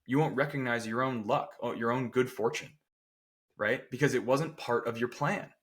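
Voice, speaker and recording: A man's voice: medium pitch, normal speed, a bit bright. A man who works as a strength coach, talking casually on a podcast, emphatic and often checking in with "right?". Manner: acts out people's quotes with playful voices.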